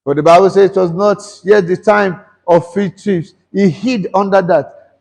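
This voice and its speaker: Man preaching, high voice, slow deliberate delivery, long hall reverb. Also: fairly even intonation, vocal fry, a little mellow. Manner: preaches with call-and-response questions to the congregation; switches between English and Yoruba. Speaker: pastor. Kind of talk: sermon.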